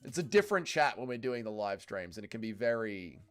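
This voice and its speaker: A man's voice: on the low side, sing-song, brisk, smooth, faint music behind. A young man hosting a casual livestream watch-along, reading viewer chat aloud, bantering and swearing freely. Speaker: livestream host.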